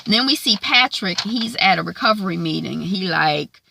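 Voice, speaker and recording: A woman casually recapping a TV episode in a chatty, slangy way, full of likes and ums and quick acted-out lines. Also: medium pitch, vocal fry, a little hiss or hum. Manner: animated, acts out characters' lines.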